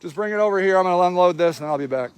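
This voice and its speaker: Very high-voiced indignant man. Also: racing, smooth. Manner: indignant, sarcastic, swears freely. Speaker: activist filming a livestream. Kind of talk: live running commentary. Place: outdoor homeless camp in snowy cold.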